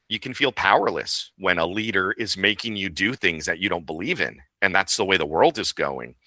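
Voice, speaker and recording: A man in his role as voice actor and director talks through his craft in a casual interview. His voice sits very low yet comes across bright and forceful. He is animated and laughs easily, and the close mic keeps the sound dry. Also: no room sound.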